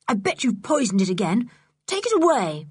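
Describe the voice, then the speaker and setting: A woman's voice: mid-range voice, big pitch swings, moderate pace, husky, dry recording, clean studio sound. A woman reading an audiobook, voicing a fierce, protective tomboy girl who speaks sharply and angrily. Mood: angry. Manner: sharp, angry.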